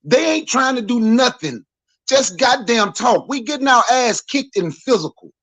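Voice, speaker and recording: A man's voice: very high-pitched, sing-song, moderate pace, a bit bright, dry recording. A man in his forties speaking as a podcast panelist in a blunt, profane, heated rant.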